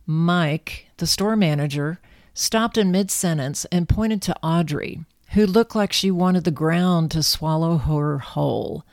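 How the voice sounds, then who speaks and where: A woman narrating a storybook in a calm, measured, gentle way. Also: deep voice, no room sound, clean studio sound.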